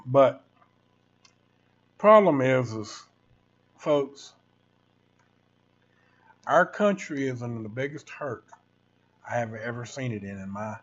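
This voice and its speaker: Man in his sixties, livestream rant, rambling and preachy, middle pitch, dull lo-fi audio. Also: expressive, slow pace, long pauses, slightly rough. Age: 60s. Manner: rambling, preachy, addresses viewers as folks. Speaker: livestream host.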